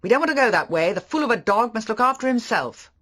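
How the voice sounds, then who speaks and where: A reader voicing an irritable man who calls out loudly and speaks sharply in an audiobook. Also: medium pitch, sing-song, brisk, slightly rough. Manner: loud, sharp calling. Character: irritable man shouting for his dog. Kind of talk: audiobook character voice.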